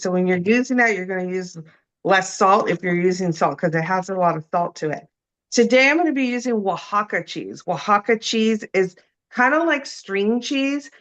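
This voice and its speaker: A woman's voice: a little high, a bit bright, highs cut off. A woman cooking live as a guest food expert, chatting and explaining each step and often checking in with "okay?" and "right?". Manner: chatty, explains as she works, ends points with "you know?", "okay?", "right?".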